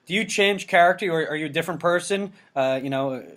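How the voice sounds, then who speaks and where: A man's voice: fairly high pitch, fast talker, fairly bright tone. A man interviewing a street performer, asking questions with stumbles and repeated words.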